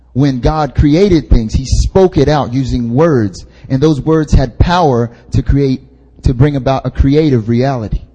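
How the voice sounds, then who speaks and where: A man's voice: medium pitch, mellow, slightly rough. A young man, an intern pastor, preaching at a prayer meeting in a casual, joking way, repeating his key points for emphasis. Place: church hall. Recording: long hall reverb.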